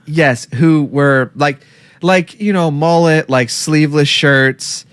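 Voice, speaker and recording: A man's voice: fairly high pitch, slow, smooth, dry recording. A man from Cleveland in casual comedic chat as a podcast co-host, laughing often and breaking into goofy impressions. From Cleveland, Ohio.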